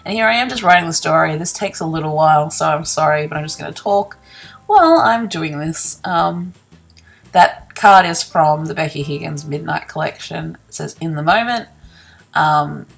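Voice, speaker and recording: A woman's voice: low voice, animated, moderate pace, gravelly, faint music behind. A woman casually narrating her scrapbooking process in a chatty, self-deprecating way, laughing often and yawning early in the morning. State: sleepy, yawning. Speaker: scrapbooking vlogger.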